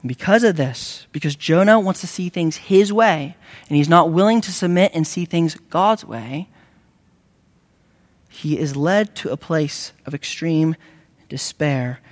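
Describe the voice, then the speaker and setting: A man preaching a sermon, earnest, with dramatic rises and slow, emphatic repetitions. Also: fairly high pitch. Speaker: pastor.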